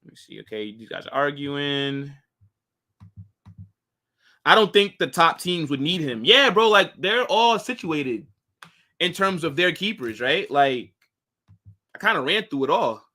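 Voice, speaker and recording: Speaking at a measured pace with long pauses, this young host from the United States has a fairly high, sing-song voice with a bright, forceful tone. On his casual football stream he reads out comments from viewers and answers with lots of "bro" and "like."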